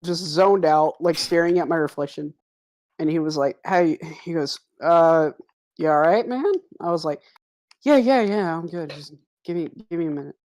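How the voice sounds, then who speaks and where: A man's voice: fairly high pitch, normal speed, darkish tone. A young man telling a long, profane story in a casual voice chat with friends, laughing as he goes.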